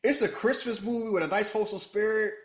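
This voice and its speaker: A man hosting a podcast in casual movie chat, joking and animated, jumping from loud bursts to low muttering. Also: quick pace. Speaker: podcast host. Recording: roomy echo.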